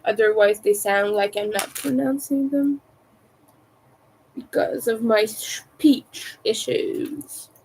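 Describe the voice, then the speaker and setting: French-accented woman streamer, unhurried, slightly high voice, crisp T's. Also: a little mellow, a little hiss or hum, poor audio. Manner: carefully overpronounces her T's. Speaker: crochet livestreamer. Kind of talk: casual livestream chat.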